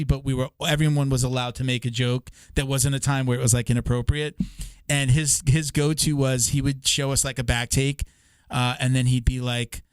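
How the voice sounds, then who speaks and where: Older guy hosting a podcast, goes off on tangents, smooth clear voice. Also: medium pitch, no room sound. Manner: rambling, jokey, goes off on tangents. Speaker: podcast host. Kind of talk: casual podcast chat.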